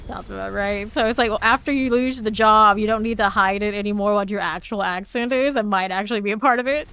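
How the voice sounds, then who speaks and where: A woman's voice: medium pitch, steady tone, quick pace, fairly bright tone, clean tone. A woman with a light Southern US accent streaming a game, chatting casually and laughing with her viewers as she plays. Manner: chatty and self-teasing, talks to chat while playing, laughs often.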